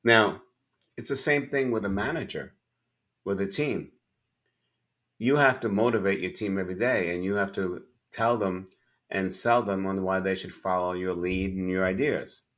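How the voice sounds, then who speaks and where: A man's voice: low voice, normal speed, a bit bright. A middle-aged man speaking as a guest in an interview, emphatic and acting out dialogue as he tells stories. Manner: emphatic, acts out dialogue in anecdotes. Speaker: podcast guest, sales and leadership speaker. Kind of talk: conversational interview storytelling.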